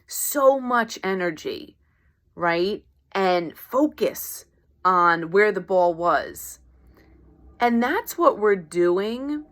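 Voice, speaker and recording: Slow-spoken woman life coach. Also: mid-range voice, a bit bright. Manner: conversational, acts out quoted voices, keeps asking "right?". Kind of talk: casual motivational monologue.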